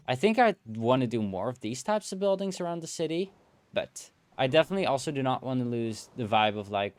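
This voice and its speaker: Guy in his chill gameplay stream, talks slow, hums and mutters while he builds. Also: mid-range voice, clear, resonant tone, no echo. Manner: slow, musing talk to himself, hums and playful filler sounds. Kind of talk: relaxed gameplay commentary.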